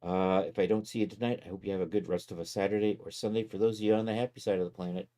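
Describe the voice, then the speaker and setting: A man's voice: fairly low pitch, steady tone, very fast, mellow. A man streaming live, chatting casually and thinking aloud as he wraps up and looks for a channel to raid. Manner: easygoing, thinks aloud while clicking around.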